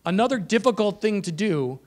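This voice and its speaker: A man giving a conference presentation to teachers, energetic and emphatic, shifting his pace for effect. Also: high voice, fairly quick. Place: conference room.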